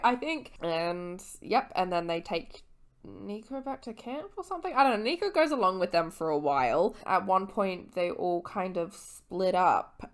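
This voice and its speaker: A young woman in her twenties, a little tipsy, giving a casual, rambling book recap as a vlogger, swearing and correcting her own slips. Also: on the low side.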